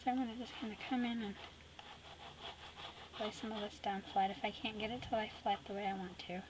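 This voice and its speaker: Speaking briskly in a mid-range voice with a steady tone, a middle-aged woman leads a painting tutorial amid background noise. She teases and chats while narrating her work, occasionally lowering her voice to soft whispers.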